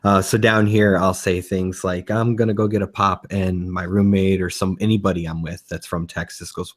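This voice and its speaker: A man's voice: low voice, little pitch movement, moderate pace. A man from Michigan with a Michigan accent, a guest in a casual chat, laughing often and hedging with fillers. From Michigan, USA.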